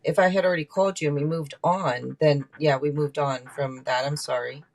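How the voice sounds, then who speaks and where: A woman's voice: low-pitched, fairly even intonation, brisk. A woman hosting a live tarot stream, chatting casually and rambling through card meanings. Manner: chatty and rambling, with many restarts.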